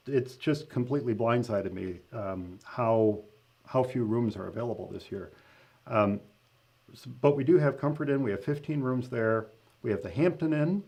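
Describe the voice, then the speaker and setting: A man's voice: fairly low pitch, darkish tone. A man hosting a casual live-stream update as the event organizer, talking loosely with many fillers, restarts and laughing asides.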